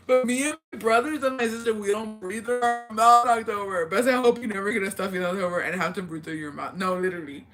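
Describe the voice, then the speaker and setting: A woman's voice: medium pitch, fast talker, few pauses, faint music behind. Chatty swearing woman telling stories. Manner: swears freely and laughs often; animated storytelling with lots of fillers. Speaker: livestream host. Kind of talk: casual livestream chat, reading viewer comments.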